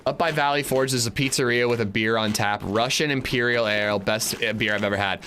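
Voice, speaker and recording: A man's voice: mid-range voice, fairly quick, bright, forceful tone, a little hiss or hum. A man streaming a survival game, chatting casually and answering his chat as he plays. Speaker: gaming livestreamer. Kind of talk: casual gameplay commentary.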